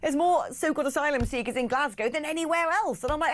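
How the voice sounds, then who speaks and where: A woman's voice: sits high, fast. A British woman hosting a radio phone-in show, talking chattily with lots of fillers, on a studio mic. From United Kingdom. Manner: chatty, animated, with many fillers. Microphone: studio microphone.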